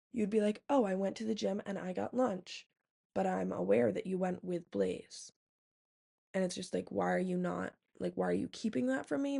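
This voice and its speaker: A woman's voice: mid-range voice, vocal fry, dark tone. Young woman rambling through a storytime. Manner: rambling, heavy use of "like" and "um", profane. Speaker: vlogger. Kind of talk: casual storytime chat.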